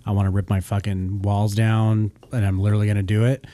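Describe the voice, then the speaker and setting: Candid young man, lowish voice. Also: flat delivery, brisk, mellow, dry recording. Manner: candid, rambling, swears freely. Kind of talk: casual chat.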